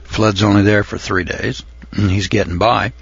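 An older man telling a folksy, rambling story from his youth, often pausing with uh and clearing his throat. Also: on the low side, fairly even intonation, no room sound, dull audio. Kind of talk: folksy spoken reminiscence.

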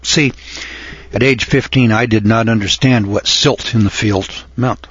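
An older man telling a folksy, rambling story from his youth, often pausing with uh and clearing his throat. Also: fairly low pitch, steady tone, a bit bright, lo-fi sound. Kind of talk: folksy spoken reminiscence.

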